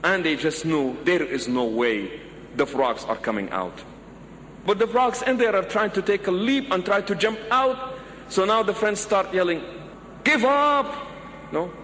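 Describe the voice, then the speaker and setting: A man's voice: sits high, very animated, normal speed, a bit bright. A man preaching a sermon, telling stories and acting out the pleading voices of his characters. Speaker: Islamic preacher. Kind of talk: sermon with storytelling. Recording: long hall reverb, faint background noise.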